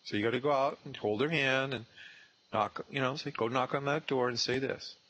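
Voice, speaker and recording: A man coaching a trainee one on one on real estate prospecting, animated and acting out sales scripts. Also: medium pitch, a little fast, highs cut off.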